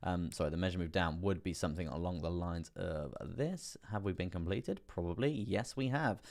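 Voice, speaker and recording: A man's voice: low-pitched, normal speed, vocal fry. A man hosting a casual live stream, chatting through price charts, laughing often and repeating his words as he goes. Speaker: crypto livestream host.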